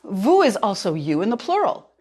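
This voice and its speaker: A woman language teacher, narrating a lesson clearly and deliberately and slowing down on words she wants repeated. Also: mid-range voice, huge pitch swings, a little mellow. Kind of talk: instructional narration.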